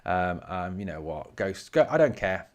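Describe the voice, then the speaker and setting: A man's voice: low-pitched, sing-song, moderate pace, a little mellow. A man from northeast England hosting a solo podcast, giving blunt opinions and answering live chat with swearing. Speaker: podcast host.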